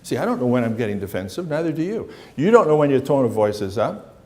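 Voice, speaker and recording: A middle-aged man, a psychologist, lectures a live seminar room in a warm, mid-range voice that swings widely in pitch, moving at a quick pace. His manner is casual, and he brings his anecdotes to life by performing the dialogue.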